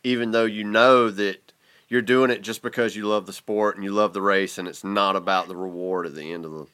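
A man's voice: on the low side, steady tone, a little fast, fairly bright tone, clear, resonant tone. A man hosting a casual podcast interview, asking friendly, easygoing questions. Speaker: podcast host.

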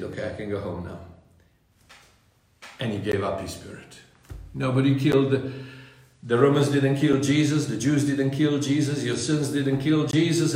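Fervent preacher with a booming echo. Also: male voice. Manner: fervent, restless preaching with many repeated words and restarts. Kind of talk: sermon. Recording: very echoey room.

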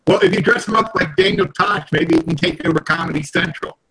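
Joking guy on a podcast, bright tense voice, bounces around a lot in pitch. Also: wildly swooping pitch, fast talker, creaky, a little hiss or hum. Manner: joking wisecracks. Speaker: podcast guest. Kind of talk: casual podcast chat.

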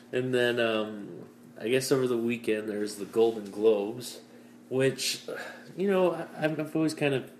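Cynical, chuckling podcast host, roomy sound. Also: male voice, mid-range voice, measured pace. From Canada. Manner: cynical, self-mocking, laughs often. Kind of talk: casual podcast chat. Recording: roomy room with faint noise.

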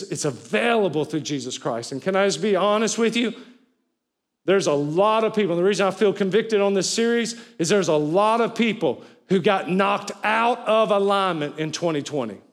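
A male pastor preaching a sermon to a church congregation, urging them to repeat his words, and swinging from loud cries to quiet lines. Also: high voice. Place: church sanctuary with an audience, also streamed.

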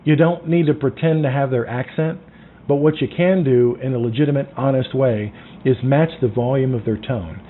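A man teaches agents how to talk on the phone, acting out calls as he goes. His voice comes through a narrow, phone-like channel. There is a faint hiss behind him. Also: moderate pace. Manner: animated, acts out phone calls, drops to a low voice. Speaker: sales trainer. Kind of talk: sales coaching talk. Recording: tinny phone-like sound.

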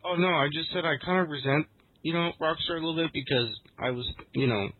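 A man's voice: fairly high pitch, quick pace. Wry, joking man on a tinny line. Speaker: podcast co-host. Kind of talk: casual chat. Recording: tinny phone-like sound.

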